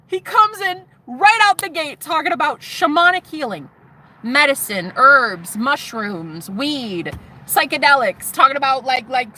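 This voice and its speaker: A woman's voice: sits high, sharp tone, slight background noise. A woman vlogger telling a story, sassy and profane, acting out the voices of other people. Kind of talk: animated storytelling monologue.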